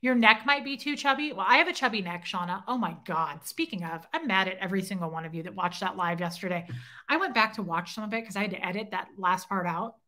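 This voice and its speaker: Bright-voiced chatty woman livestreaming. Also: mid-range voice, fast. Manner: chatty, self-deprecating, teasing viewers. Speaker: livestream host. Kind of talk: casual livestream chat reading comments. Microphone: phone.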